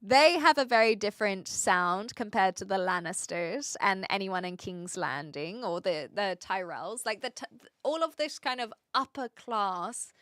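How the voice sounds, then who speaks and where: Chatty bright-voiced woman streamer. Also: medium pitch, animated, a little slow, no room sound, studio quality. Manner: rambling, self-correcting, frequent fillers. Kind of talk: casual chat answering viewers.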